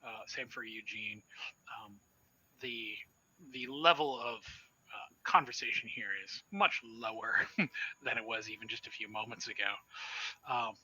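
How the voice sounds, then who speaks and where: A man narrating as storyteller in a tabletop role-playing game, slow and hesitant, with many fillers. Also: fairly low pitch, sharp tone, slightly rough, poor audio.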